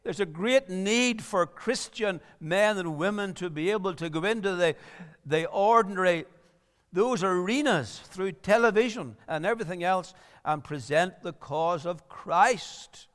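A man's voice: high-pitched, measured pace, a bit bright, long reverb tail. A man preaching a sermon, earnest and rising to emphatic appeals.

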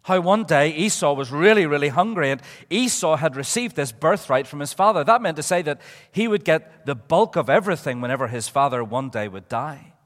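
A man giving a children's talk in church, an animated storyteller who asks the children questions. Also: fairly high pitch, fairly quick. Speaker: preacher. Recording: echoey church hall.

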